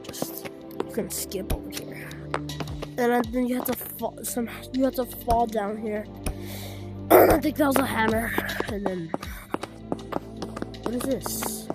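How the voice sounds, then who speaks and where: A woman's voice: on the high side, takes it slowly, long pauses. A woman walking through a game she made, thinking aloud, trailing off and restarting her sentences, often dropping to a murmur. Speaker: game developer showing her own game. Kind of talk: casual game walkthrough commentary. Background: loud background music.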